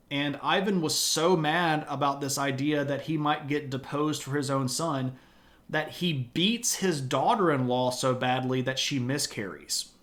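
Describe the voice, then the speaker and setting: A man's voice: on the high side, fairly bright tone. A man telling history in a loose, conversational way with wry asides, streaming live from a home setup. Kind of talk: casual history storytelling.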